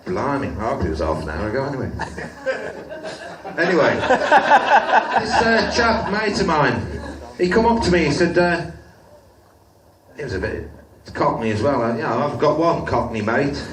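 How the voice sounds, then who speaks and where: A middle-aged man doing a live stand-up set, with deadpan, rambling one-liners and mumbled asides. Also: medium pitch, moderate pace, pauses often. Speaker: stand-up comedian. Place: pub function room with a live audience. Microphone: audience recording from the room, far from the stage. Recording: echoey, distant amateur pub tape with crowd noise. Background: laughing audience, church organ music.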